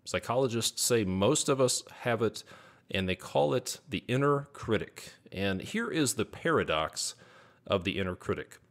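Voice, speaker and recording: A man's voice: on the low side, lively intonation, unhurried, fairly bright tone. A man hosting a podcast, speaking earnestly as a business coach, repeating key points and rattling off lists of negative self-talk. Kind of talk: podcast monologue.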